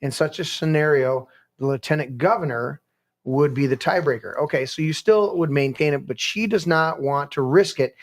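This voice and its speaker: A male podcast host rants casually while reading news articles aloud. His voice sits somewhat high, and he rambles, swears and trips over his words. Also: normal speed.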